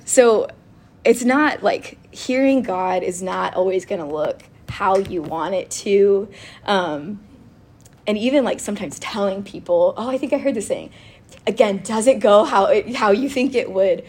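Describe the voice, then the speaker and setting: A woman chatting casually about faith and telling a personal story, animated and quick to laugh, with lots of "like". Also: mid-range voice, husky. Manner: animated and giggly, with frequent laughter and filler "like".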